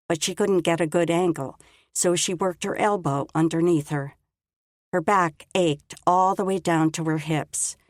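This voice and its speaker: A woman reads an audiobook with calm, measured storytelling, her voice low-pitched. She takes it very slowly, and the sound is dry and close. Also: no echo. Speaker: audiobook narrator. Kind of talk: scripted narration.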